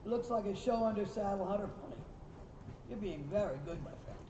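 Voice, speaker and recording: A riding instructor with a high voice talks fairly quickly as he coaches, calling praise to the horses and fixes to the riders. The background is noisy, and because the recorder was distant in the arena, everything sounds far away, echoey and dull.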